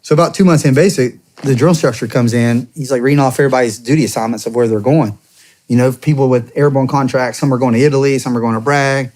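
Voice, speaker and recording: A man in his thirties tells a story as a podcast guest, at an average pitch for a man. He talks casually and puts on the voices of the people he quotes. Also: fast talker. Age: 30s. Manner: animated, acts out quoted dialogue.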